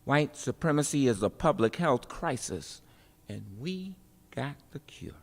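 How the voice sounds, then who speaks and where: Slow, emphatic woman performing spoken word. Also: a bass voice, very animated. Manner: rhythmic, emphatic, repeating refrains with dramatic pauses. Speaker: poet and city politician speaking at a festival. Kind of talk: spoken-word poetry performance, then informal remarks. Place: festival event hall. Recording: long reverb of a large hall.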